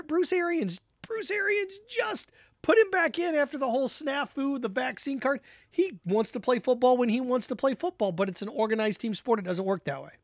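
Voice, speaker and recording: A man's voice: extremely high pitch, dry recording, studio quality. A man hosting a sports talk show, giving solo commentary in an emphatic, opinionated way and repeating his points for effect.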